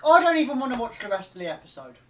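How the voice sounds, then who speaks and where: A young man hosting a live reaction video, ranting angrily and swearing, with sudden loud outbursts. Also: very high voice, big pitch swings, rapid-fire.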